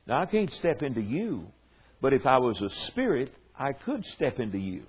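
An older man with a Southern drawl preaches to a room of men, stretching his words slowly for emphasis and dropping homespun asides. His voice is husky and grainy. The sound is thin and narrow, like it came over a phone line. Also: mid-range voice, very animated. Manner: drawn-out emphatic delivery with folksy asides. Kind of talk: sermon teaching to men. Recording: tinny phone-like recording.

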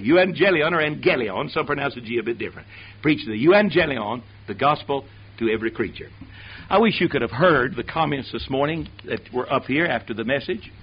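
A man's voice: on the high side, breathy edge. A man preaching a sermon who calls on the congregation to answer him aloud. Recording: dull lo-fi sermon tape.

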